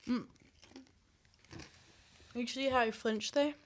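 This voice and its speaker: A woman's voice: a little high, steady tone, takes it slowly. A young woman co-hosting a casual family podcast, chatty and hesitant, with many fillers. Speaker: podcast co-host.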